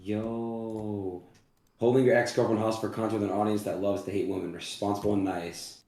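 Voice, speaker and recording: A man's voice: fairly low pitch, steady tone, fairly quick, darkish tone, reverberant. A man in a played stream clip, reading a post aloud.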